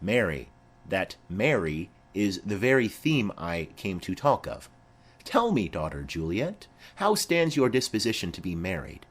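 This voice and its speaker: A man's voice: on the low side, sing-song, measured pace. A man voicing a formal, commanding noblewoman mother in a dramatic reading of a play.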